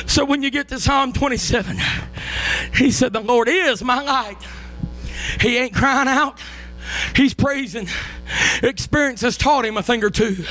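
A man with a very high, bright voice preaches. He moves between steady storytelling and fervent, shouted exhortation. Music plays softly behind him. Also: unhurried, long pauses. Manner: impassioned, rises to shouting and crying out. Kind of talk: sermon.

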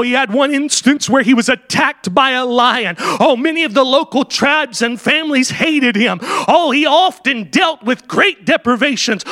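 A high-pitched man preaches with fervor. He builds to loud, shouted peaks and often breaks in with an exclamation of "Oh". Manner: fervent, rising to shouts at climaxes, exclaims "Oh". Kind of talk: sermon.

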